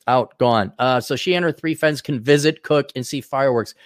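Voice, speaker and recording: A man co-hosting a podcast, reading viewer questions aloud and answering in a halting, casual way. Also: medium pitch, no echo, clean studio sound. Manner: halting, restarts often, laughs easily. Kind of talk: casual chat.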